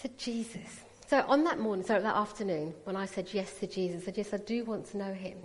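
A woman giving a sermon and telling how she came to faith, earnest and personal, with quick apologetic asides. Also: mid-range voice. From raised Sikh. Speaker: preacher. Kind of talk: sermon testimony. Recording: hall reverb.

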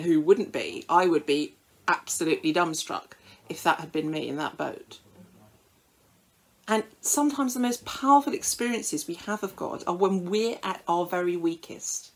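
A woman's voice: medium pitch, low-quality recording. A woman preaching a sermon in a conversational storytelling way, with frequent fillers.

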